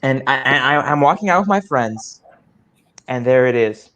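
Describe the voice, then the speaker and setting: This young man does improv, and here he's on a video call spinning a comic tale in an eager, meandering way, tripping over himself and starting again often. His pitch sits in the middle and his pace is moderate.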